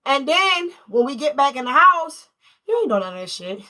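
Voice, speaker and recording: A woman doing a casual tarot reading while fighting a cold, blunt and profane, telling stories in a lively, streetwise way. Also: sits high, normal speed. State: has a cold. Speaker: tarot reader.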